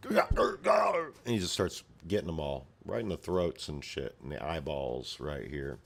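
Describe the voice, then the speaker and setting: Deep-voiced man rambling over a comic. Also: sing-song, unhurried, creaky, hardly any pauses, a bit bright. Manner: rambling, with sound effects and asides. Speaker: comic reader and commentator. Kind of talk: casual read-along commentary.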